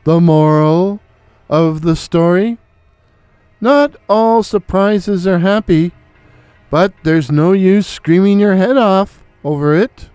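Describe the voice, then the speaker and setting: A man telling an original horror story in a slow, deliberate, theatrical way, as host of his own channel. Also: high voice, darkish tone, clear, resonant tone, no echo, soft background music. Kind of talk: dramatic horror story narration.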